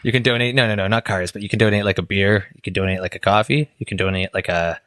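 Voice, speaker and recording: A man's voice: fairly low pitch, steady tone, fast, a bit bright, dry recording. A young man co-hosting a casual podcast, teasing his friend and laughing a lot, close to a studio mic with a pop screen. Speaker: podcast co-host. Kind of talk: casual chat.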